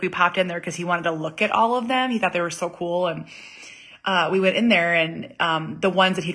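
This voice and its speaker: A woman in her thirties, a mother chatting casually to viewers, self-deprecating and quick to laugh. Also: medium pitch, bright, forceful tone. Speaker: vlog host and mother.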